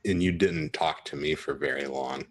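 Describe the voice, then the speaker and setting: A man's voice: rumbling low, normal speed, slightly rough. A man playing a tabletop game in character, rambling with lots of "like" and eager questions. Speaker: player. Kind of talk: in-character tabletop role-play.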